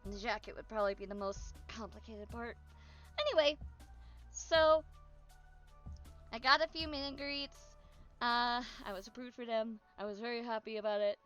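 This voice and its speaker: A woman's voice: a little high, moderate pace, long pauses, a bit bright, dull audio, faint music behind. A woman chatting casually on a stream as a VTuber, bubbly and chatty but tired and yawning.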